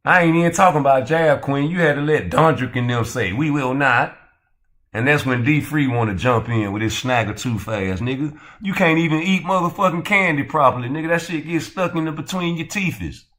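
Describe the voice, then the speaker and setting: Bright, loud-mouthed roasting man. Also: on the high side, brisk, few pauses. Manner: loud, profane, mocking. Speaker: channel host. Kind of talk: heated roast commentary.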